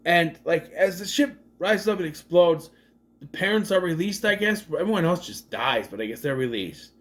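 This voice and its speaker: Male movie reviewer, casual recap, animated delivery, pitch slightly high and very lively. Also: normal speed. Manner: animated, swears, mocks scenes in exaggerated voices.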